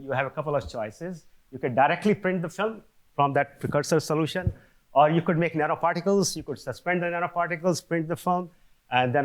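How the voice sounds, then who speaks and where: A man, older, giving a seminar lecture in a conversational way, often pausing to ask the audience "okay?" and restarting his sentences. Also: fairly high pitch. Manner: conversational, frequent "okay?" check-ins with restarts. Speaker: seminar speaker. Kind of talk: academic lecture. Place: lecture hall.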